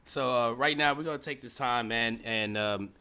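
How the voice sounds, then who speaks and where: Chill host dude, bright voice, lots of you know and like. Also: male voice, mid-range voice, normal speed, smooth. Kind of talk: casual podcast talk.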